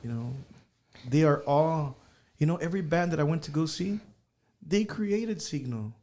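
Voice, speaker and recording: Man telling lively stories as a guest. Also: a little high, normal speed. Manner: animated anecdotes with slips into Spanish phrases. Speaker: musician guest. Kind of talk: casual interview storytelling.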